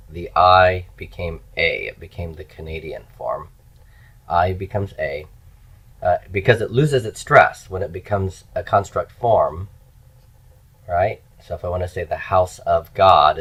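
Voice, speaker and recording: A deep-voiced middle-aged man lecturing on grammar at an unhurried pace. He walks through each form patiently and pauses to ask if the class is following. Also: a bit bright, dull audio. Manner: explanatory, checks in with listeners. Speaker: language teacher.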